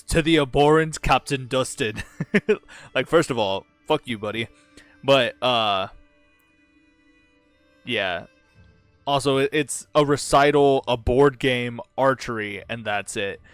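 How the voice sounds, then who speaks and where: In a casual let's-play, a gaming channel host reads out a strategy game's text and adds sarcastic, profane remarks. His medium-pitched voice is a bit bright, clear, and resonant, with no echo.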